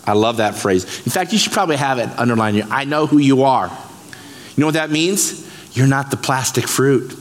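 A man pastor preaching a sermon, lively and emphatic, breaking scripture down word by word. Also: mid-range voice, normal speed. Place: church sanctuary. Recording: long reverb of a church hall.

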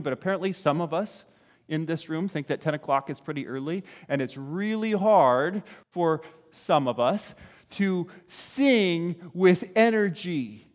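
A male pastor giving a conversational, animated sermon, often putting questions to his congregation. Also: sits high. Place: church sanctuary. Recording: reverberant church hall.

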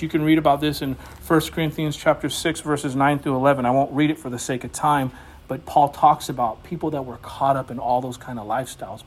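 A man's voice: on the high side, breathy edge. A man preaching an informal sermon in a conversational way, getting emphatic at times. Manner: conversational, emphatic, rising to animated exhortation.

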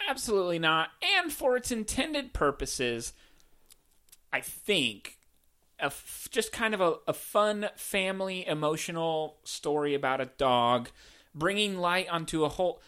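A man co-hosting a podcast in casual chat, relaxed, laughing often and trailing off mid-thought. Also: on the high side, unhurried, clear, resonant tone. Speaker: podcast co-host.

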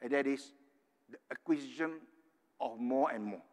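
A man's voice: mid-range voice, normal speed. An older man from Singapore preaching a sermon, earnest and tagging his points with "right?". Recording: long hall reverb.

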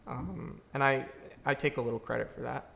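A man's voice: mid-range voice, steady tone, fairly quick, vocal fry, fairly bright tone, a little hiss or hum. A man, a filmmaker, answers audience questions after a screening in a church, reflective and searching for his words.

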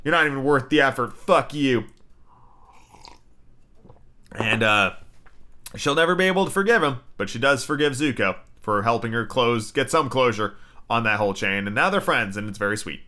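A man's voice: medium pitch, animated, fairly quick, sharp tone. A man giving a casual, rambling show review, swearing often and filling his talk with "like.". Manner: profane, filler-heavy, frequent "like".

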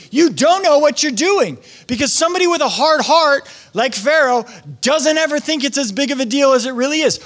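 A male pastor delivering a sermon in a chatty, informal way. His voice sits high for a man, and he keeps slipping into short imitations of the people he talks about. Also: a bit bright. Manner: conversational, acts out quoted voices.

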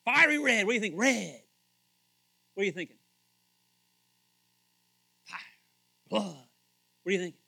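A man preaching a casual, conversational sermon as pastor, animated and questioning his listeners. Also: high-pitched, unhurried, creaky, pauses often, no room sound, low-quality recording. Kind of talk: casual sermon, Bible teaching.

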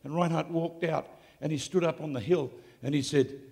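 A man preaching live to a congregation, moving between hushed storytelling and loud, shouted declarations. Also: fairly high pitch, fairly even intonation, normal speed, creaky, big-room sound. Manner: swings from quiet storytelling to shouted exclamations. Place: large hall, live event.

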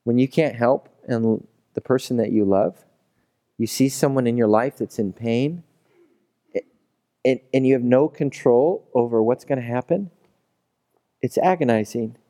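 A man's voice: mid-range voice, normal speed, long pauses, warm tone. A man preaching a sermon as a pastor, in a loose, conversational storytelling way. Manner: conversational storytelling, acting out characters.

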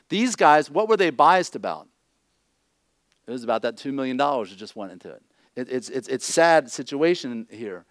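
Middle-aged man, pastor, higher-pitched voice, dry close sound, blunt conversational sermon with joking asides. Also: no echo.

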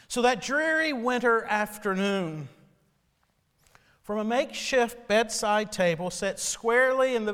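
A male pastor delivering a sermon, telling a story slowly and solemnly. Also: high-pitched, a bit bright, smooth, big-room sound.

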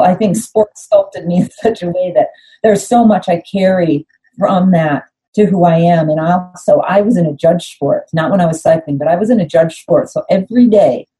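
A woman's voice: lowish voice, low-quality recording. A middle-aged American woman, a former athlete, telling stories in a casual interview and acting out quoted dialogue. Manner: animated, acts out quoted dialogue. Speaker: podcast guest, former Olympic skier.

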